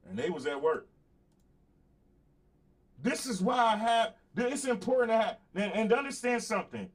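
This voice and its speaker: A man hosting a casual livestream talk show, speaking bluntly and with plenty of profanity, repeating points for emphasis, laughing between them and calling out to viewers. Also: on the high side. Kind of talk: casual livestream monologue, answering chat.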